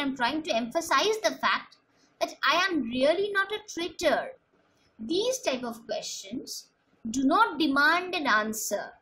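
High, animated woman teaching grammar. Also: slight background noise, low-quality recording. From India. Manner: slow, emphatic explaining with repeated examples. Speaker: school English teacher. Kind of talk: recorded grammar lesson.

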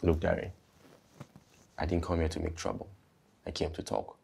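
An actor playing an earnest, guilt-ridden young man who speaks slowly and heavily in a film. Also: medium pitch, very animated, gravelly, background noise. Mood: firm. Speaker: grieving brother and rival suitor. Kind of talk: film acting.

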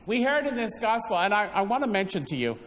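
A man with a fairly high voice gives a casual, chatty homily, coaxing listeners and tripping over small restarts. His words ring out with the long reverb of a church interior. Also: big pitch swings, fast talker, a bit bright. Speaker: preacher.

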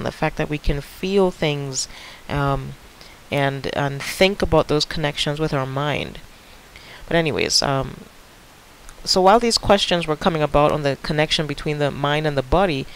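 A man's voice: on the high side, a bit bright, smooth, low-quality recording. A male teacher recording a video lecture, talking casually with frequent fillers and restarts. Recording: faint hiss.

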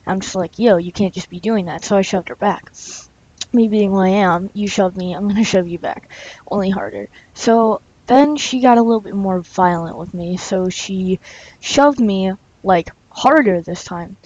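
A woman's voice: medium pitch, moderate pace, darkish tone. Chatty young woman telling a story. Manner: chatty, laughing, full of fillers. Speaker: vlogger. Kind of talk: casual storytelling commentary. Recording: dull lo-fi recording.

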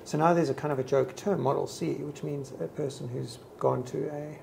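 A man with a Johannesburg South African accent, a tour guide chatting in a lively, teasing way. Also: fairly high pitch, brisk, creaky, a little hiss or hum. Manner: animated storyteller, teasing. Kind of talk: casual conversation.

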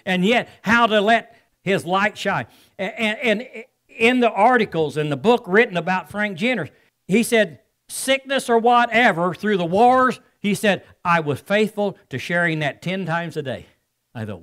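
A man's voice: high voice, lively intonation, normal speed, fairly bright tone. A man preaching a sermon as pastor, telling stories and calling on the congregation for amens.

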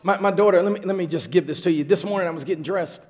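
A man preaching a sermon as pastor, building up to shouted passages. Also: high-pitched, racing. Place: large church sanctuary. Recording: reverberant church hall.

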